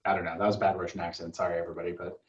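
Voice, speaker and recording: A man's voice: low-pitched, flat delivery, roomy sound. Chatty man on a dull, lo-fi recording. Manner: chatty, quick, lots of fillers. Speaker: podcast host. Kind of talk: casual film review chat.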